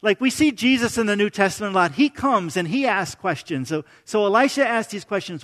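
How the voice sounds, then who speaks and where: A man with a notably high voice delivers a sermon in a loose, conversational way. He restarts phrases and tosses in quick "right?" check-ins. His voice carries a long reverb tail, as in a large sanctuary. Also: animated, a bit bright. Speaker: preacher.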